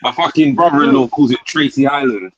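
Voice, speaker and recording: A man's voice: medium pitch, a little fast, muffled recording, a loud crowd. A man on a casual panel chat, laid-back and swearing freely, joining over a call. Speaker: panel guest.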